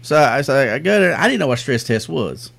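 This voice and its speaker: A man's voice: fairly high pitch, brisk, creaky, breathy edge. A middle-aged man co-hosting a podcast, telling stories in casual banter and laughing a lot. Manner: animated storyteller, acts out quotes, laughs a lot. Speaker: podcast co-host.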